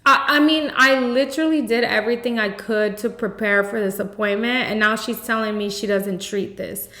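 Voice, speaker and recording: A woman's voice: on the high side, fairly even intonation, normal speed, pushed and bright. A woman hosting a podcast, telling a personal story in a candid, emotional way and often speaking straight to her listeners. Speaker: podcast host. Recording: roomy echo.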